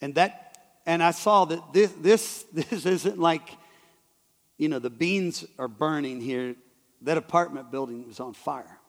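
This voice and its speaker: High-voiced preacher in an echoing hall. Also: male voice. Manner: halting, repeats and restarts words. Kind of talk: sermon storytelling. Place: church hall. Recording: long hall reverb.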